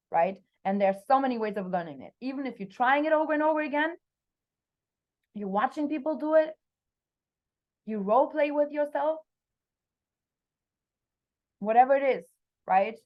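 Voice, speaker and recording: A young woman coaching her team on a video call, talking energetically and expressively, her voice swinging between loud and soft. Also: sits high, highs cut off. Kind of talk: motivational talk on a group video call.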